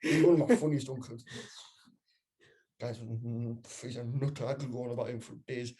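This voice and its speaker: A young man chatting casually on a podcast, telling stories in an animated way and swearing freely. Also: medium pitch, normal speed. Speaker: podcast co-host. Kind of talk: casual chat.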